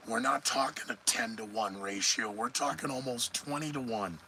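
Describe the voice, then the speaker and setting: A man's voice: medium pitch, normal speed, hardly any pauses, noisy background. A man hosting a solo news commentary podcast, sarcastic and rambling, often answering his own remarks. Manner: sarcastic, rambling, talks back to himself. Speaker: podcast host.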